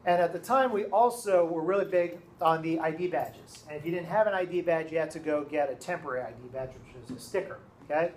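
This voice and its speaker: A man, a teacher, telling a story to his students in a classroom, casual and animated, often checking in with "okay?". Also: fairly high pitch, a little hiss or hum.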